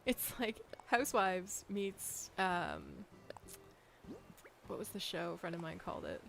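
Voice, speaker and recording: A woman's voice: fairly low pitch, huge pitch swings, measured pace, creaky, a bit bright, slight background noise. A woman streaming a game, chatting casually and rambling, laughing often. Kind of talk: casual chat while playing.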